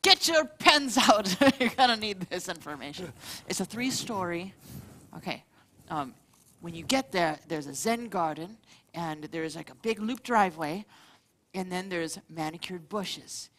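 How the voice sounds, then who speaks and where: A woman's voice: lowish voice, lively intonation, a little slow. A woman as game master, describing a heist job in a playful, laughing way. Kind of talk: narrating a tabletop game.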